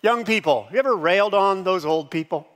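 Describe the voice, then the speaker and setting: A man preaching a sermon as pastor, lively, dropping to hushed tones and bursting into shouted impressions. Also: sits high, a little fast, in a large hall.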